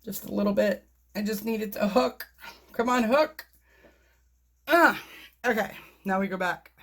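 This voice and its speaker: A woman narrating her paint pouring as a casual vlog, talking to viewers, easily excited and laughing often. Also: medium pitch, a little slow.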